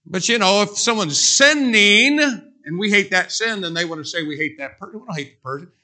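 A middle-aged man preaching a sermon as a pastor in a church, emphatic and repeating phrases with dramatic pauses. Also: sits high, lively intonation, sharp tone. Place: church sanctuary.

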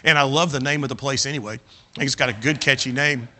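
A man's voice: medium pitch, fast talker, bright, forceful tone. An older man, a preacher telling a folksy, self-mocking story in a sermon. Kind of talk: sermon with humorous personal anecdote.

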